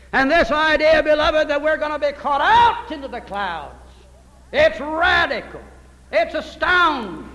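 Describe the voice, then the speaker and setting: Man preaching a sermon, pretty high voice, folksy storyteller, long church echo. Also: fairly bright tone. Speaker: pastor. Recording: reverberant church hall.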